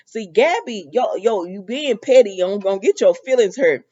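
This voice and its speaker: Give me a chatty woman recapping a soap, mellow and a bit muffled. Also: mid-range voice, normal speed, hardly any pauses. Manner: animated storytelling, sassy asides to characters. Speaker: soap opera recap vlogger. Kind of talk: casual recap with quoted dialogue.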